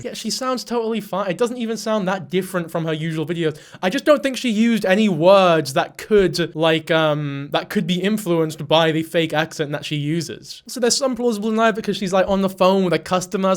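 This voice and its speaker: Sweary man with a high voice. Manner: sweary, exasperated ranting. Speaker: commentary YouTuber. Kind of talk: reaction commentary.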